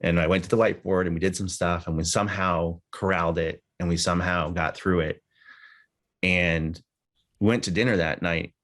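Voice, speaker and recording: A man's voice: low-pitched, fairly even intonation, normal speed, a bit bright. A man telling a personal story in tribute at a memorial gathering, candid and conversational, with casual swearing. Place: live gathering with people present.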